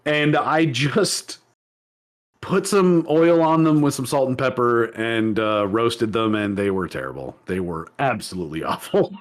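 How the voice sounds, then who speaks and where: A man co-hosting a podcast in casual chat, rambling with restarts and laughing often. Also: medium pitch. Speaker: podcast co-host.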